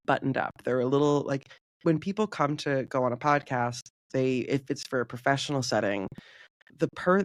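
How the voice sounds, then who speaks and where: This podcast guest, a community manager, has a fairly high voice captured in a dry, clean studio recording. He's casual and talkative in answering questions, leaning heavily on "like" and performing bits of quoted dialogue.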